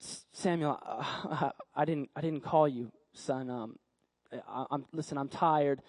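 A weary old priest, roused from sleep, speaks slowly in a lowered, drowsy voice, as a preacher puts him on. He stammers and trails off like a patient man who only wants to get back to bed. The sound is dry and close. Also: a little mellow, no echo.

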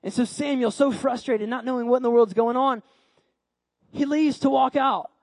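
High-voiced male preacher telling a story. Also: creaky, no room sound. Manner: animated, repetitive, dramatic pauses. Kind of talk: sermon storytelling.

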